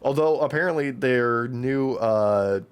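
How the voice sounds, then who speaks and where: A man co-hosting a podcast in casual chat, excitedly recapping wrestling matches and swearing freely. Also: medium pitch, slow, clean tone. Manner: excitable, profane, recaps matches with acted-out quotes. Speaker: podcast co-host.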